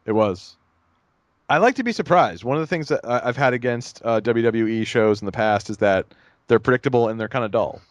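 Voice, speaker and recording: A man's voice: mid-range voice, a little fast, no room sound, lo-fi sound. Rambling male podcast co-host, dry sound. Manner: rambling, animated, lots of fillers and mock voices. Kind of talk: casual chat.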